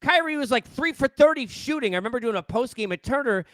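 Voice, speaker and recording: Animated New man ranting, high voice. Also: fast, no echo. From New York. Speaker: podcast host. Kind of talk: solo sports rant. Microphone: headset.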